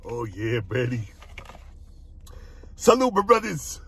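A man doing a casual food review vlog, excitable, laughing often and calling his viewers "my brothers" again and again. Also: mid-range voice, slow, slightly rough.

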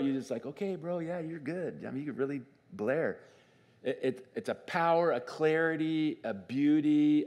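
Conversational male pastor preaching. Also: mid-range voice. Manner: conversational, animated, asks the congregation questions. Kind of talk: sermon. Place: church sanctuary.

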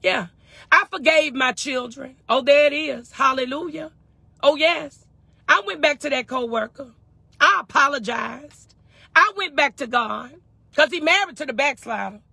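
A woman's voice: high-pitched, a little slow, creaky, pushed and bright, no echo. A woman fervently on a phone live stream from her parked truck, answering viewers' comments in call-and-response. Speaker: faith and wellness livestream host.

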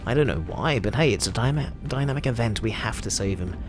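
A man's voice: on the low side, expressive, a little fast. A man with an Australian accent giving chatty, jokey commentary over his own gameplay. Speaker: gameplay video host.

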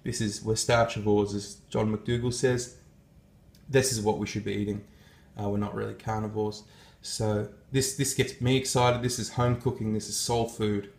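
Chatty man, lowish voice. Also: level tone, moderate pace, vocal fry, darkish tone. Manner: chatty and enthusiastic, talks with loose asides. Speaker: vegan food vlogger. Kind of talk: casual chat showing a home-cooked meal.

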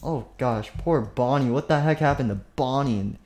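A man's voice: mid-range voice, moderate pace, a little mellow. A young man, a YouTuber, playfully narrating a game machinima with lots of fillers. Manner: rambling, silly, full of fillers.

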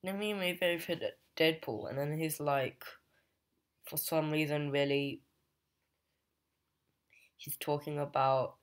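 A man's voice: on the high side, fairly even intonation, slow pace, pauses often. A man casually recapping a comic book's plot, rambling with fillers and restarts. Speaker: comic book reviewer.

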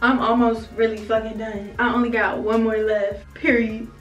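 A woman vlogging a hair tutorial in casual, excitable talk to camera, slangy and swearing freely. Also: on the high side, moderate pace, highs cut off. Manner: excitable, animated, slangy and profane. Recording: echoey room with faint music.

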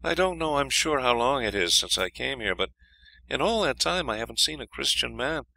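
A man voicing a frightened young princess in a storybook reading, with high pleading outcries. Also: expressive, normal speed, gravelly, sharp tone, no echo, rough recording. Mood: anxious warning.

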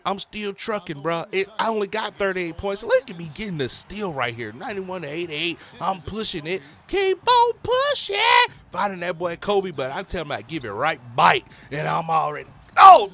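An excitable man calls his own game in hype-filled slang. His high voice swings widely in pitch and has a bright, sharp edge. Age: adult, a parent. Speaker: gaming YouTuber. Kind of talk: let's play commentary.

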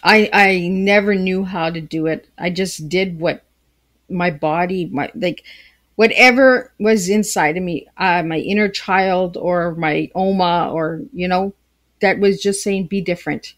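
A woman's voice: fairly low pitch, unhurried. A woman from Canada, a podcast guest speaking on a video call from her tea room at home, chatty and rambling in a playful way. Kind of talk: casual interview conversation.

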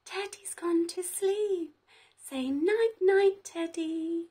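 A woman's voice: very high voice, slow pace, mellow. A young British woman talking to toddlers in a children's learning video, in an exaggerated sing-song voice full of gasps. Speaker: toddler teacher. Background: faint children's music.

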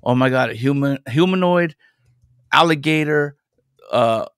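An independent comic creator, an adult parent, chats casually as a podcast guest and wanders through long stories. His mid-range voice is fairly bright and measured in pace, and the studio-quality recording has no echo.

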